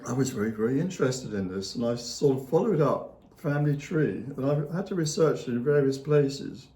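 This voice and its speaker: An expressive man with a dark, mid-range voice speaks a little quickly as an interview guest. He's an author retelling history anecdotally, rambling, filling pauses and chuckling lightly. The conversation is casual storytelling, and the room echoes.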